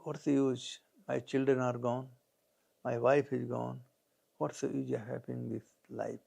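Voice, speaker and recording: Sad defeated daddy pigeon, gravelly voice, , man telling it. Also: medium pitch, flat delivery, measured pace, mellow. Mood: despairing. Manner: resigned, lamenting. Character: grieving male pigeon, father of trapped chicks.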